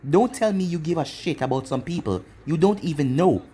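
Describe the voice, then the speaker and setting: A man's voice: on the high side, expressive, a little fast, warm tone, slightly rough, soft background music. A man voicing an arrogant young male ninja turned traitor, smug and taunting, in a fan-made storybook reading.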